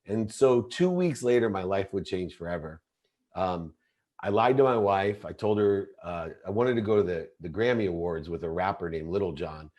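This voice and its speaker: A man's voice: low voice, animated, moderate pace, a little mellow. A middle-aged man, a podcast guest, telling a personal story in an earnest, intense way and often restarting mid-sentence. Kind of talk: confessional storytelling in an interview.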